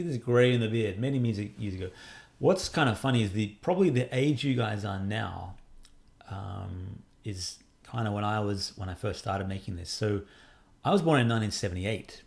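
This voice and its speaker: A man's voice: lowish voice, lively intonation, moderate pace, creaky. Chatty middle-aged game developer man. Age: 40s. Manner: chatty, self-deprecating, rambling with many fillers. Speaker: indie game developer answering fan questions. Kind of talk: casual Q&A monologue.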